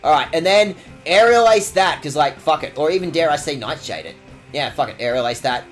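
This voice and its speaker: A man's voice: a little high, expressive, brisk, soft background music. A man streaming a video game, ranting with playful mock outrage and lots of swearing. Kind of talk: casual game stream commentary.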